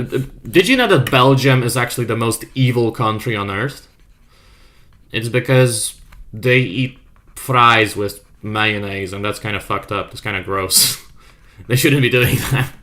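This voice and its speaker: Bright-voiced playful man streaming. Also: fairly low pitch. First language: not English. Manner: playful, trolling, reads chat aloud and riffs; self-described custom made-up accent. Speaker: art streamer. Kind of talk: casual live-stream chat.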